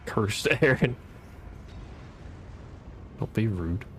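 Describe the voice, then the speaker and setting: Gaming streamer, man, low voice with a gravelly edge, dry and cussing commentary. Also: extremely slow, a bit bright, slight background noise. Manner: wry, profane, talks to enemies. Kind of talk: casual gameplay commentary.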